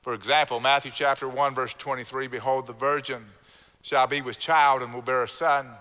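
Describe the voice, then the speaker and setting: Bright-voiced preaching pastor in a hall. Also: male voice, medium pitch, little pitch movement, normal speed. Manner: preaching with emphatic repetition and congregation call-and-response. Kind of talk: sermon. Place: church sanctuary. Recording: long church hall reverb.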